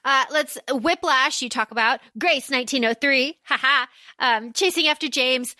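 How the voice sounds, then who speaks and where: A woman's voice: sits high, moderate pace, no echo, clean studio sound. A woman co-hosting a podcast, chatting casually about a book and acting out characters' lines as she recaps. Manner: animated, acts out characters' lines mid-recap. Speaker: podcast co-host.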